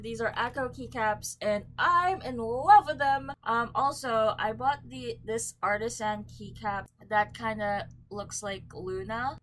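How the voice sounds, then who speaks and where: Bright, bubbly young woman vlogging. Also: fairly high pitch, a little hiss or hum. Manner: chatty and bubbly, frequent ums and likes. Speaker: book vlogger. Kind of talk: casual vlog chat. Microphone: camera mic.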